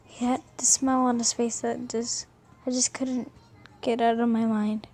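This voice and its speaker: A woman's voice: fairly high pitch, flat delivery, moderate pace, a little mellow. A young woman casually reading a fan fiction story aloud, often stumbling and rereading words.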